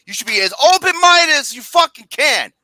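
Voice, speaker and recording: High, bright-voiced man teasing crudely. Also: sing-song, a little fast, no echo. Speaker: podcast co-host. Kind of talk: casual group banter.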